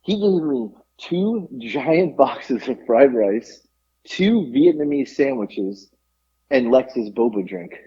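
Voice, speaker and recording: A man co-hosting a podcast, telling a story in animated casual chat and laughing often. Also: mid-range voice, takes it slowly, slightly rough, dull audio. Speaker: podcast co-host.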